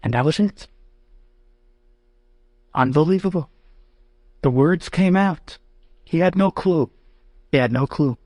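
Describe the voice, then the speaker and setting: A rabbi telling a story dramatically, building to high, excited outbursts. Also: male voice, takes it slowly, pauses often, dry recording. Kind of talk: animated storytelling to an audience.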